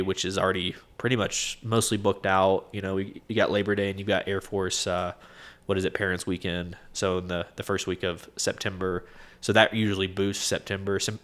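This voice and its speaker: A man with a deep, low voice that comes out nasal and congested from a stuffy nose. He talks in a relaxed podcast chat, giving plain practical advice as a co-host. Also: moderate pace. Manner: plainspoken, advisory. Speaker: co-host, property manager. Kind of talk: casual business podcast chat.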